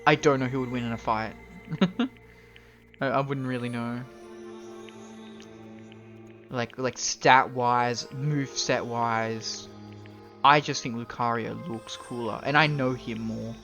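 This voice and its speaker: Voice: medium pitch, steady tone, slow pace, long pauses, a bit bright. Chatty live streamer, casual, laughs a lot, faint music behind. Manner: chatty, laughs often, restarts. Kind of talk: casual live-stream chat while reading a visual novel aloud.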